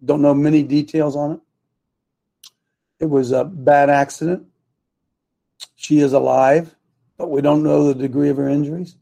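A man's voice: fairly high pitch, flat delivery, moderate pace, vocal fry, long pauses, warm tone. A man hosting a live talk show, rambling and losing his train of thought as he speaks.

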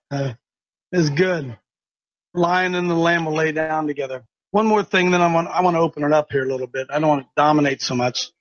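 A man's voice: on the high side, a bit bright. A man hosting a talk show, telling a story in an earnest, preachy way and repeating himself for emphasis. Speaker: radio talk show host. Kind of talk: casual storytelling. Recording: dull lo-fi sound.

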